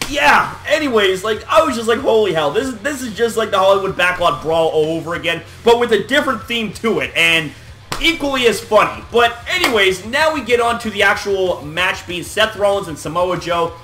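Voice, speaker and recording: A man with a very high, bright voice rants through a casual wrestling recap. He talks in lively swings of pitch, swears freely and laughs in disbelief. The sound is roomy and echoey. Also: moderate pace, a little hiss or hum.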